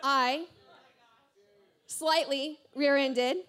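A woman pastor preaching to a congregation, telling a personal story in an animated, self-deprecating way and laughing often. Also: high-pitched, extremely slow, heavy background noise. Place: church service before a congregation.

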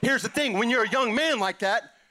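A man giving an impassioned testimony at church, emphatic and repeating lines as he builds to shouts. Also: very high-pitched, brisk.

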